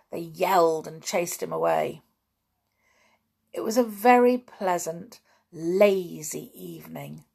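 A woman reads a children's storybook aloud at an unhurried pace, gently expressive. Her voice sits low, with a husky, gravelly fry running through it. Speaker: audiobook reader. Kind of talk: storybook narration.

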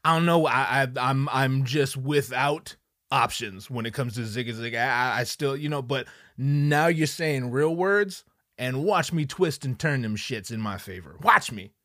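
A man telling a comedic story at his desk, profane and animated, acting out the people in it. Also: mid-range voice, unhurried, dry recording, studio quality. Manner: animated, profane, acts out voices.

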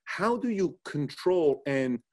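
Guy hosting an interview, slightly high voice, gets animated telling stories. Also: takes it slowly. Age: adult, former soldier. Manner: animated storyteller, acts out quotes. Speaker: interview host. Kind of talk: casual interview conversation.

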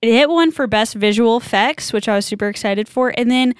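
A woman's voice: a little high, a little fast, clear, resonant tone, no echo, studio quality. A woman hosting a podcast in casual chat, bubbly and chatty with lots of filler words. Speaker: podcast host.

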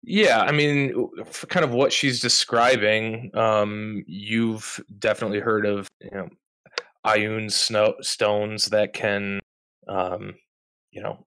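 A man running a tabletop game as game master, narrating in a relaxed, rambling way. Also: on the low side, takes it slowly, dry recording. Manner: relaxed, rambling, many fillers.

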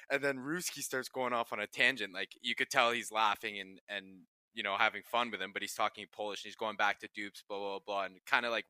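A man's voice: on the low side, pushed and bright, smooth, dry recording. A young man co-hosting a casual sports podcast, telling stories and laughing often as he goes. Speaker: podcast co-host.

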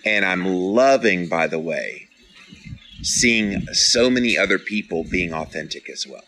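A man's voice: low voice, animated, measured pace, sharp tone, poor audio. A middle-aged man hosting a podcast, talking casually and earnestly as he encourages listeners and reads out their comments. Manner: earnest, encouraging, playfully dramatic. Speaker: podcast host reading live comments. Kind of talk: casual motivational talk.

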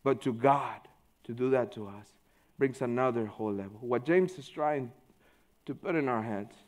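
A man giving a conversational sermon, informal and full of "you know", swinging between loud stretches and hushed ones. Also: mid-range voice, moderate pace. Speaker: preacher.

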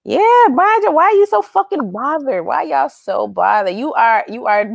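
Blunt, gravelly-voiced woman chatting. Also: high-pitched, lively intonation, moderate pace, no room sound, dull audio. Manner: blunt, profane, laughing often. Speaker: co-host. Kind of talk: casual pop-culture chat.

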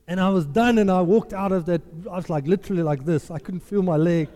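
Guy preaching, animated storyteller, mellow tone, lots of hall reverb. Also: high voice, fast, few pauses. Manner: animated storyteller, laughs often, acts out quotes. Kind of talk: sermon.

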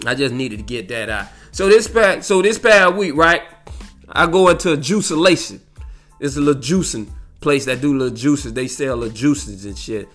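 Bright-voiced man rambling through a story. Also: medium pitch, animated, normal speed, faint music behind. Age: adult, grew up in the nineties. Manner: rambling, profane, keeps saying "you know what I'm saying". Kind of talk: casual storytelling monologue.

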